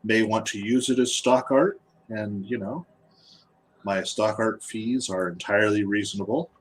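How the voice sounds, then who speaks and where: A man, an artist and guest, chatting casually while he draws, halting and repeating words as he goes. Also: lowish voice. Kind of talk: casual chat while drawing.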